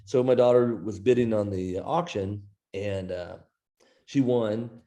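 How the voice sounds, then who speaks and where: A middle-aged man from Iowa, guesting on a business interview show, spins a long personal anecdote. His voice sits a little low with a mellow, relaxed tone. He acts out what everyone said in his own voice. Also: measured pace. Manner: animated anecdote teller, quoting others in his own voice. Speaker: guest author. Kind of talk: storytelling in an interview.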